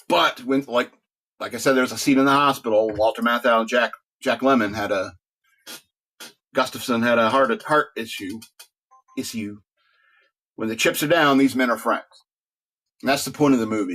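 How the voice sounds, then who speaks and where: A man's voice: mid-range voice, a bit bright. A middle-aged man hosting a talk radio show, rambling casually, joking, laughing often and restarting his words.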